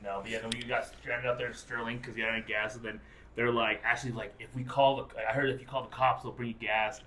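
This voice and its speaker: A young man hosting a podcast, rambling through an animated story in casual chat. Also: medium pitch, fast talker. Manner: rambling, animated retelling with swearing and "dude". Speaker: podcast host.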